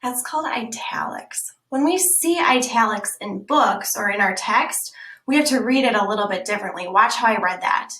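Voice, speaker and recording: A woman teacher reading a picture book aloud for children, slow and emphatic, often dropping into whispers. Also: mid-range voice, a bit bright. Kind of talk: children's read-aloud lesson. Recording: echoey room.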